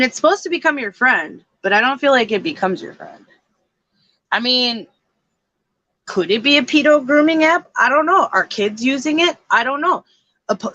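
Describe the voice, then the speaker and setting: A woman's voice: fairly high pitch, sharp tone. A woman co-hosting a podcast, telling a story in a loose, rambling way with lots of fillers. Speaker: podcast co-host. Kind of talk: casual chat.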